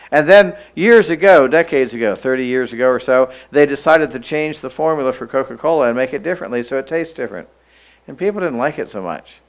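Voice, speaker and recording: A man preaching a sermon in a church, emphatic, slowing down to stress key lines and having the listeners repeat phrases after him. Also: fairly high pitch, low-quality recording.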